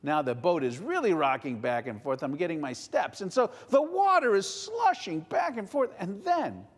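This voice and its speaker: A man telling a story to children in a playful, animated way at a family service, addressing his listeners directly. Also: high-pitched, normal speed, slightly rough. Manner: playful, talks directly to the audience. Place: synagogue sanctuary. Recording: long reverb of a large hall.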